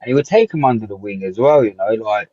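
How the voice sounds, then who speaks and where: A man's voice: fairly low pitch, fast talker, dry recording. Chatty man, muffled sound. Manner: animated storytelling, acts out quotes, frequent "like". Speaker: guest. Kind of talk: casual reminiscing chat.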